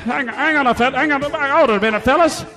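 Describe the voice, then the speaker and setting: A man's voice: very high voice, quick pace, pushed and bright, in a large hall. A man playing a crude, boozy, middle-aged Australian entertainer with an Australian accent, rambling half drunk in live character comedy and laughing at his own jokes. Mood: flustered. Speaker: stage comic performer.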